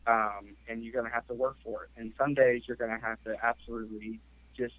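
A man's voice: medium pitch, little pitch movement, a little fast, a bit bright, low-quality recording. A man hosting a podcast, telling a story in casual chat and rambling with lots of "like" and "you know.". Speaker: podcast host.

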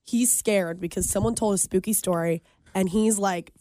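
A young woman co-hosting a radio show, telling a story in an animated way and laughing often. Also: medium pitch, normal speed. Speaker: radio co-host. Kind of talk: casual radio chat.

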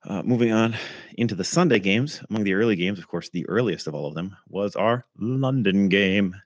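Deep-voiced man, slightly hoarse. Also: expressive, moderate pace, no room sound, studio quality. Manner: conversational, frequent ums and throat clearing. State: slightly hoarse, something in his throat. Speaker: podcast host. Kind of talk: casual fantasy football recap.

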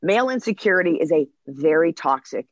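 A woman's voice: deep voice, expressive, fairly quick, no room sound. Woman comic in her 30s, podcast guest, chatty storyteller, acts out quotes, dry dull mic. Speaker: stand-up comedian, podcast guest. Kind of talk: casual interview talk.

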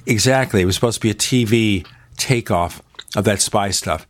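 A man's voice: on the low side, moderate pace, dry recording, studio quality. An older American man co-hosting a casual chat, telling movie and TV trivia with enthusiasm. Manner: chatty, enthusiastic storyteller. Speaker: co-host.

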